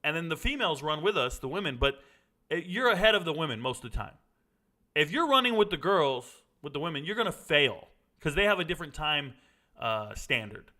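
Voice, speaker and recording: Middle-aged male host, raised pitch, crisp bright tone, animated blunt storyteller. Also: brisk. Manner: animated, blunt, swears casually. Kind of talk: casual storytelling.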